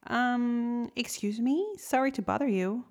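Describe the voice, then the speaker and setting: A woman voicing a tiny, gentle male shrimp in a storybook tale, polite, timid and sweet. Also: a little high, unhurried, voice pushed up, natural voice.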